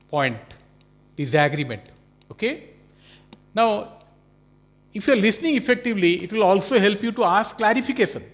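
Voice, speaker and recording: A professor lectures in a high voice. He explains each point step by step and keeps checking in with his listeners. He sounds like a man giving a recorded lesson. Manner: explanatory, checks in with frequent "Okay?" and "you know". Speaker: professor lecturing on management skills.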